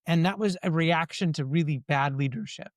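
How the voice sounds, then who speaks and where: A man answering interview questions in a lively storytelling way, often slipping into quoted dialogue. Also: on the high side, normal speed, no echo, studio quality. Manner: animated storyteller who acts out quoted dialogue. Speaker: guest.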